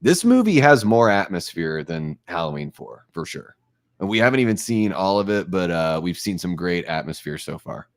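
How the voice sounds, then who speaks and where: A man in his forties talks through a horror film in an easy, rambling way. His low voice carries dry, wry asides and firm opinions. The sound is close and dry, with no room in it. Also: big pitch swings, moderate pace, no echo. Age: 40s. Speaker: co-host of a movie commentary. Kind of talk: casual movie commentary chat.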